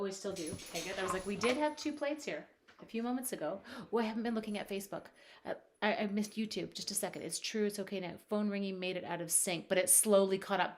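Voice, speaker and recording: Chatty woman on a noisy crafting stream. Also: medium pitch. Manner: chatty and scatterbrained, talks to her supplies. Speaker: craft demonstrator reading live viewer comments. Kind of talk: casual live-stream crafting chat. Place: home craft desk. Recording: noisy home live stream.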